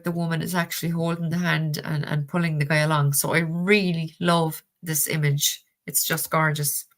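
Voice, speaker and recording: Chatty Cork Irish woman streaming, lowish, bright voice, quick laugh, casual swearing. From Ireland. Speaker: tarot deck reviewer reading live chat. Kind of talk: casual live-stream chat.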